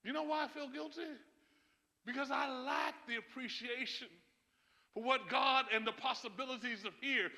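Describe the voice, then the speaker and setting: Preaching to his congregation, this pastor has a very high, bright, forceful voice that rings with the long reverb of a church sanctuary. He's emphatic, mixing in chuckles and asides to the listeners.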